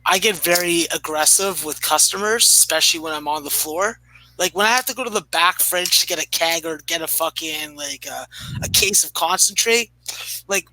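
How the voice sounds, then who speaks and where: A man's voice: high voice, sharp tone, dry recording, low-quality recording. A man in his thirties ranting profanely in a casual podcast chat. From Canada. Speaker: podcast regular.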